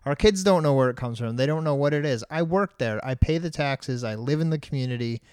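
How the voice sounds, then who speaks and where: A man's voice: medium pitch, fairly quick, darkish tone, clear, resonant tone, no room sound, studio quality. A man in his thirties co-hosting a casual chat, talking in a blunt and opinionated way and laughing easily. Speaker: podcast co-host.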